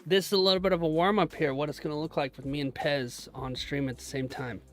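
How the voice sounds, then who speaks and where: A man's voice: on the high side, fairly even intonation, quick pace, soft background music. Playful man live-streaming his trades. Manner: playful, laughs at himself, cheers on his trades. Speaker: livestreaming day trader. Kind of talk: casual live-stream chat.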